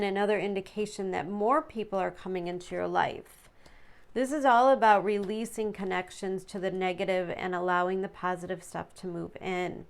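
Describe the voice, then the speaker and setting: A woman's voice: medium pitch, vocal fry, clear, resonant tone. A woman giving a casual tarot reading to her viewers, chatty and upbeat, sometimes stumbling over words. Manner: chatty, reads card texts aloud, some stumbles. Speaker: tarot reader.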